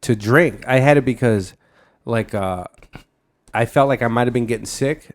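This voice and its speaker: A man's voice: mid-range voice, moderate pace. A man in his thirties hosting a podcast, telling rambling stories in casual chat, swearing freely and laughing often. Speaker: podcast host.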